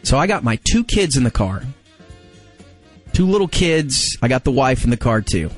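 Male host in his forties, animated storyteller who acts out the voices. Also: moderate pace, breathy edge, faint music behind. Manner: animated, acts out quotes with big pitch jumps. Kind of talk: casual storytelling chat.

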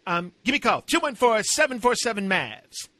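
A man playing a desperate, chatty team owner who rambles with nervous laughs and bursts into shouting in a comedy sketch. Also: sits high, big pitch swings, moderate pace, no room sound, exaggerated voice. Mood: rambling.

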